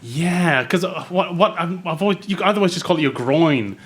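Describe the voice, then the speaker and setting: High-voiced wry man hosting a comedy panel. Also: lively intonation, moderate pace, crowd noise. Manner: wry, playful, laughs at his own jokes. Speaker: host of a comedy panel show. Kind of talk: chatty quiz-show hosting. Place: stage before a live audience. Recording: loud noisy stage recording.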